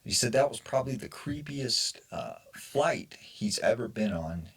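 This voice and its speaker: A man's voice: medium pitch, expressive, a little slow, gravelly, fairly bright tone, breathy edge. A man casually retelling a strange story, hesitant and full of fillers and restarts. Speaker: storyteller in a played clip. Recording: music playing underneath.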